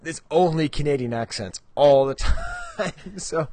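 A man's voice: on the high side, a little slow, dark tone, no room sound. A middle-aged man co-hosting a podcast in casual, rambling chat, laughing at himself often. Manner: rambling, self-mocking, frequent ums and laughs. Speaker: podcast co-host.

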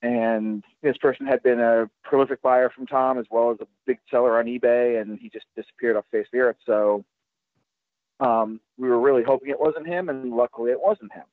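A man, a guest collector, chatting casually on a podcast in a halting way, full of restarts and fillers. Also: mid-range voice, steady tone, no room sound. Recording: tinny, dry phone line.

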